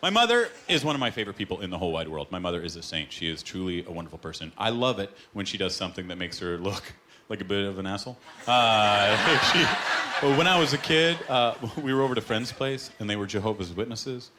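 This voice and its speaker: A man's voice: on the low side, expressive, quick pace, background noise. A man doing a stand-up comedy set on stage, telling stories with punchlines and putting on voices for the people he quotes. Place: comedy club stage with live audience. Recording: live stage recording with loud audience laughter. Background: audience laughter and clapping.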